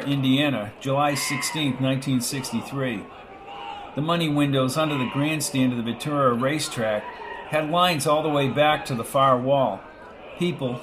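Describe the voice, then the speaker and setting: A man narrating a scripted story in a measured, dramatic way. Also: medium pitch, noisy background.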